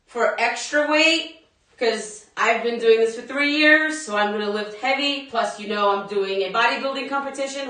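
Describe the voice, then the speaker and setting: A woman's voice: on the high side, pushed and bright, distant mic. Chatty woman fitness instructor, echoey room. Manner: chatty, laughing, talks straight to viewers. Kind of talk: live workout class talk.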